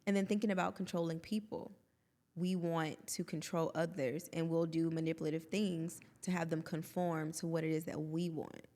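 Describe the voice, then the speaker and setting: A woman in her thirties with a low, warm voice and fairly even intonation talks at normal speed, co-hosting a candid, expressive podcast chat with quoted asides. Long reverb trails her speech.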